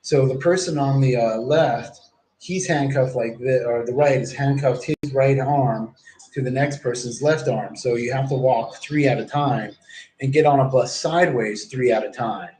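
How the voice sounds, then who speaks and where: A man's voice: mid-range voice, normal speed, a little mellow. A man in his forties telling a long, rambling story on a livestream, swearing often and acting out what others said. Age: 40s. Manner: profane, rambling, acts out others' lines in quotes. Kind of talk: rambling first-person storytelling. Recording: echoey room with faint background noise.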